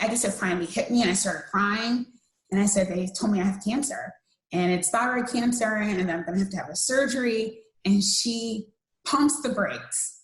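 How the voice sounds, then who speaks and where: A woman in her thirties from the United States, earnestly telling a personal story as a podcast interview guest, with many fillers and restarts. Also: mid-range voice. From USA. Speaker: interview guest, cancer survivor. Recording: roomy echo.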